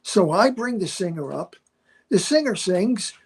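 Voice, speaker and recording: An older man, a veteran stand-up comedian, telling animated stories and acting out the people in them. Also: high voice, a little slow, slightly rough. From Philadelphia area. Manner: acts out other people in his stories. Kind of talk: animated storytelling.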